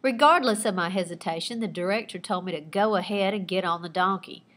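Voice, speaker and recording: A woman teacher reading aloud her own personal narrative with lively expression, pausing to point out the writing techniques she used. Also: mid-range voice. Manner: expressive storytelling with asides pointing out figurative language.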